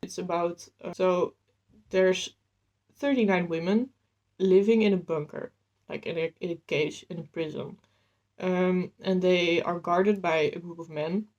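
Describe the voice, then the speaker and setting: Enthusiastic woman with a mellow voice. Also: unhurried, highs cut off. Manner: enthusiastic and rambling, with lively jumps in pitch. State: slightly out of breath. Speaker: book vlogger. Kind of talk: casual chat.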